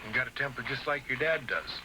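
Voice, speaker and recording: A man as a wrestling promoter in a staged TV promo, talking in a halting, stammering, placating way. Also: medium pitch, very noisy.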